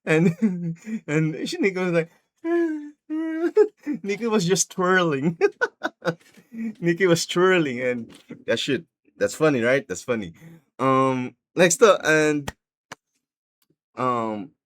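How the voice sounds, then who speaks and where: A man's voice: animated, slow, long pauses, a bit bright. Laughing rambling young man. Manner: rambling, laughing, acts out quotes in high voices. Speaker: YouTuber reviewing a film. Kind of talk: casual film recap.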